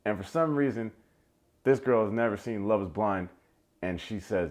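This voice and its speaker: Sarcastic recap host, slightly low voice, playful jabs. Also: male voice, lively intonation, moderate pace, darkish tone. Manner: sarcastic, playful, mimics people he quotes. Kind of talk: comedic reality show recap.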